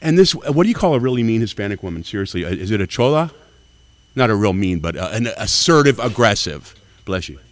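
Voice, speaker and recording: A man's voice: on the low side, big pitch swings, fairly quick, dry recording. A man in his sixties from Tennessee, doing brash, profane stand-up at an open mic. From Nashville, Tennessee. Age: 60s. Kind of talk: stand-up comedy.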